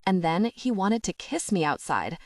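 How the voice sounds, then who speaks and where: A nervous, wry young woman, read by a woman narrator, flustered and self-deprecating. The voice is lowish for a woman and recorded close and dry. It is an audiobook heroine's dialogue. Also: big pitch swings, moderate pace, no echo, recorded from a distance.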